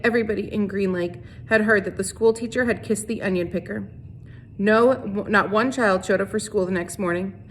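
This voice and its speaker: A woman teacher reading a novel aloud to her class in a steady, unhurried storytelling voice. She stumbles now and then and restarts the phrase. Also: medium pitch, slight background noise.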